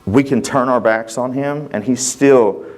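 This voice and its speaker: A man's voice: mid-range voice, a little slow, a little mellow, faint music behind. A man, a father, giving a personal testimony to a congregation, telling his story casually in plain, folksy speech and acting out the conversations. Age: adult father. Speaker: church member giving a testimony.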